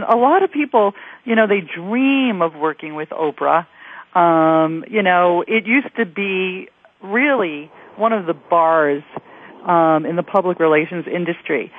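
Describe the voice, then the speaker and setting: A woman radio host chatting in a talkative, candid and opinionated way during an interview. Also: lowish voice. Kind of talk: interview chat. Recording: tinny phone line, dry.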